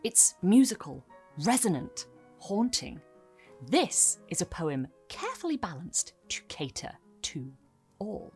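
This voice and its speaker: A woman giving an emphatic scripted narration for a literary video essay, with dramatic pauses. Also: lowish voice, very animated, a little mellow, husky, soft background music.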